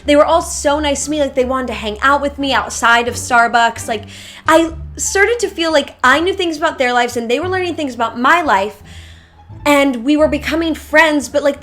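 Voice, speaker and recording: Chatty young woman, higher voice. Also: fairly bright tone. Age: young adult. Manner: chatty, filler-heavy, lots of "like". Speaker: YouTuber. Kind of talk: casual storytime vlog. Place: bedroom.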